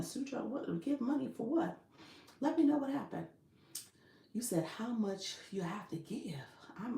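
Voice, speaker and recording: A woman with a mid-range, dark voice and vocal fry coaches viewers during a live stream. The casual chat is full of laughter and read-aloud comments, and the room sounds echoey.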